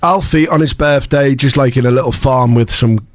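A man's voice: mid-range voice, moderate pace, no room sound. A man with a Liverpool accent co-hosting breakfast radio, telling chatty stories in a laid-back way. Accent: Liverpool (Scouse). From Liverpool, England. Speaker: radio co-host.

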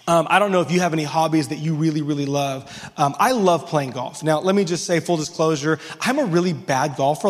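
A man's voice: on the high side, long reverb tail. A man preaching a sermon as a pastor, in a conversational, self-deprecating way that is full of restarts.

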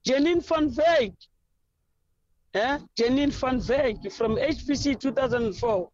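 A woman's voice: sits high, a little slow, a little mellow, highs cut off. A South African woman football coach answering interview questions in an effusive, rambling storytelling way.

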